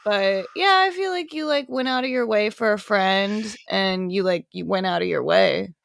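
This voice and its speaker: A woman's voice: medium pitch, moderate pace, vocal fry. A woman hosting a podcast in casual chat, talking loosely, laughing often and swearing freely. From California. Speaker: podcast host.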